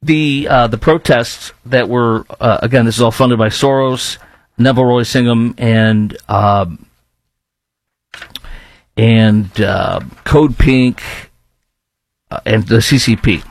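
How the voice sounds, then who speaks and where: A man's voice: mid-range voice, slow pace, long pauses. A man hosting a political talk radio show, speaking emphatically, repeating himself and firing rhetorical questions.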